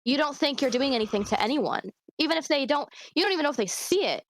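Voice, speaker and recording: A woman's voice: sits high, lively intonation, fast, a little hiss or hum. A woman chatting casually on a podcast, laughing easily as she talks. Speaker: streamer and podcast guest.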